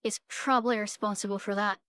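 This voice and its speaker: A woman playing a tabletop game, talking through plans in an analytical, measured way. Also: mid-range voice, steady tone, pushed and bright, no echo, clean studio sound. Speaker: player.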